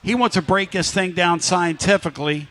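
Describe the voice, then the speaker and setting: A man hosting a live sports talk radio show from a restaurant, talking loud and hyped as he works up the crowd. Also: high voice, normal speed. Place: live remote broadcast at a riverside restaurant.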